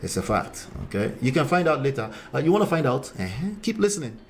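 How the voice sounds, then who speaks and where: A man's voice: mid-range voice, big pitch swings, fast talker. A man who hosts a relationship-coaching live stream. He talks bluntly and lectures, reading out viewer comments and speaking straight to the men watching.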